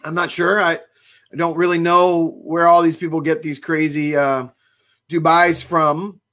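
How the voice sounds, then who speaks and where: Upbeat, fairly high-voiced cigar shop host. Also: male voice, little pitch movement, measured pace, a bit bright. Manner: chatty and enthusiastic, exclaims often. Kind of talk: casual livestream chat reading viewer comments.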